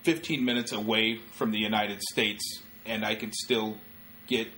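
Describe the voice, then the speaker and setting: A man's voice: lowish voice, little pitch movement, unhurried, bright, forceful tone, a little hiss or hum. A middle-aged man, a stand-up comedian and podcast co-host, talking in loose, rambling casual chat, full of filler words.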